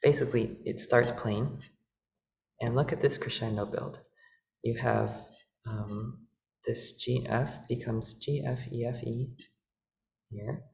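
A man with a gravelly, creaky voice teaches at the organ, patiently walking through music theory and often correcting himself. The sound is echoey and roomy, with the organ heard behind him. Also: mid-range voice, darkish tone. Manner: patient, explanatory, with frequent fillers and self-corrections. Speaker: organ workshop presenter. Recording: echoey room with organ playing.

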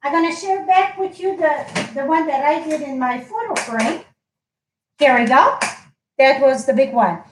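A high-pitched woman chats on a live craft stream, gushing over her work in loose, friendly phrasing. Her voice rings off the walls of an echoey room at home. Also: animated, unhurried, background noise. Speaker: stamping craft host.

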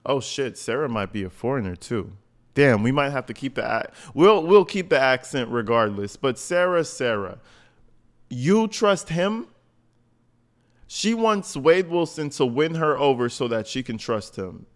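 A man's voice: mid-range voice, lively intonation, normal speed. A man giving profane reaction commentary, blunt, crude and mocking.

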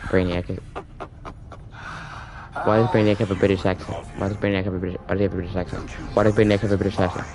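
A man streaming a video game, reacting in excitable, joking, rambling casual commentary. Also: sits low, fast, pauses often, music in the background. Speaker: gaming streamer.

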